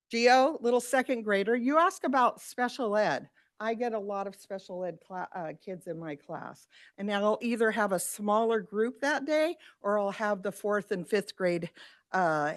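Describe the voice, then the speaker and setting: A woman who teaches after-school sewing, giving an animated, chatty public comment at a school board meeting. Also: mid-range voice. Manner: animated, chatty, quotes the kids.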